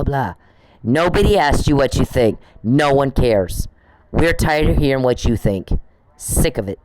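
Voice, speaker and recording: Guy ranting at someone on his podcast, swears a lot, low warm voice. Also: dry recording, poor audio. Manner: indignant, profane, scolding someone directly. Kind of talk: angry monologue.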